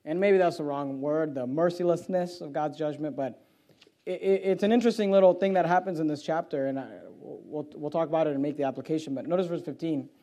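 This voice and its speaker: High-voiced male preacher, loud then hushed. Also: quick pace. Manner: swings from quiet low stretches to loud, high-pitched exhortation; reads scripture aloud in old-fashioned phrasing. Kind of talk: evening sermon.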